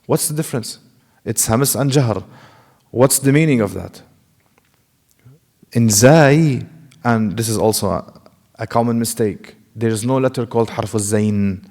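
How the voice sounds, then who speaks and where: A man's voice: medium pitch, unhurried, pauses often, a little mellow, in a large hall. A man teaching a classroom lecture, explaining carefully, demonstrating sounds himself and asking the class rhetorical questions. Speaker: Quran recitation teacher. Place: mosque classroom.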